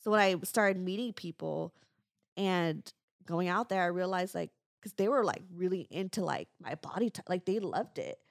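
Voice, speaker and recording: A woman's voice: lowish voice, normal speed, vocal fry, no echo, clean studio sound. A young adult woman with a Southern California accent co-hosting a podcast in casual chat, laughing often and filling her talk with "like". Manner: laughs often, talks with many "like" fillers. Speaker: podcast co-host.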